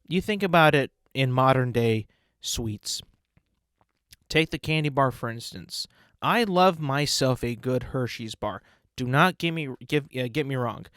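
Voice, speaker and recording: Male podcast host, mid-pitched, rambling, playful, dry close sound. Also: expressive, unhurried, fairly bright tone, smooth, no echo. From United States. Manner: rambling, playful, savoring food talk. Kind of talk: casual solo podcast monologue.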